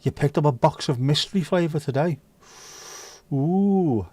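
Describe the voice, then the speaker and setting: A man's voice: fairly high pitch, quick pace, a little mellow, breathy edge, no room sound. A man from the UK hosting a casual livestream, chatting and joking and reading out viewer comments. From United Kingdom. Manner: chatty, jokey, reads viewer comments aloud. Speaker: livestream host.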